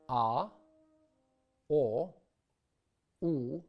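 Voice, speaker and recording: A man narrating a diction lesson at an unhurried, deliberate pace. His voice is mellow and dark. He stops to sound out example words carefully. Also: medium pitch, expressive, faint music behind. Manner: measured, demonstrates word pronunciations. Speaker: diction instructor. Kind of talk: scripted instructional narration.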